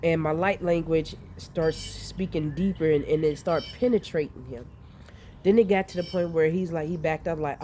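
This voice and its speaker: A woman with a slightly low, mellow voice tells a story casually outdoors. She talks in an animated way, swears freely and laughs often. Faint rain and outdoor sounds are heard in the background. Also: moderate pace, a little hiss or hum. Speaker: vlogger recounting dreams. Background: rain and outdoor ambience.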